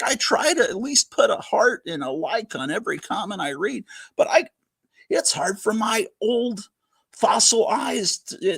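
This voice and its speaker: Man in his fifties, livestream host, rambling anecdotes, gravelly, husky, dry close sound. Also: on the high side, a bit bright, no echo. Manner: rambling, anecdotal, laughing often. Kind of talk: casual rambling livestream chat.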